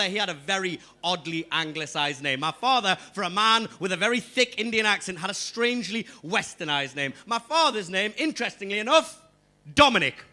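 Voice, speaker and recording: A young Geordie man doing stand-up on a club stage, punchy, shouting his punchlines and talking straight to the crowd. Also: sits high. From England. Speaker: stand-up comedian. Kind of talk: stand-up comedy set.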